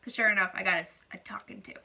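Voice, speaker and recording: A young woman venting in a casual vlog, chatty and animated, peppering her talk with "like" and acting out quoted lines. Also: medium pitch, racing. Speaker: beauty vlogger.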